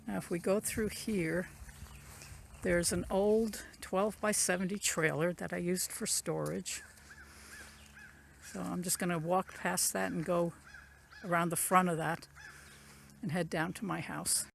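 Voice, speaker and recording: Gravelly woman narrating a walk outdoors. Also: fairly low pitch, fairly even intonation, measured pace, pauses often, slight background noise. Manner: chatty, rambling, pointing things out while walking. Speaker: channel owner giving a property tour. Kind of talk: casual walking tour narration. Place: outdoors in rural woods and fields. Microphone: phone camera carried while walking.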